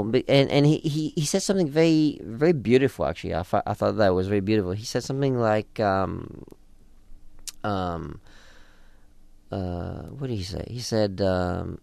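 Smooth-voiced man chatting animatedly. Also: on the low side, normal speed, no echo. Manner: animated, acts out quoted lines in different voices. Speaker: podcast co-host discussing a TV episode. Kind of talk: casual chat.

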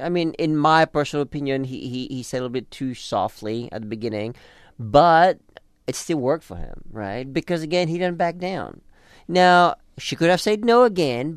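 In clean studio audio without room sound, this mid-range male voice has a clean tone. He's a podcast co-host in casual chat about a TV episode, animated and performing quoted lines in assorted voices.

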